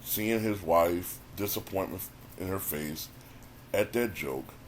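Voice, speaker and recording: Reviewing a stand-up special for YouTube, a man speaks slowly in a low voice, conversational and prone to repeating words as he thinks. "You know what I'm saying" comes up often, and there's slight background noise.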